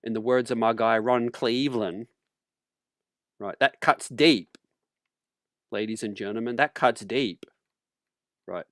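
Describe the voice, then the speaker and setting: A man hosting a sports talk channel, relaxed and casual, calling viewers fam and ladies and gentlemen and clearing his throat often. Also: mid-range voice, slow, long pauses, no echo, studio quality.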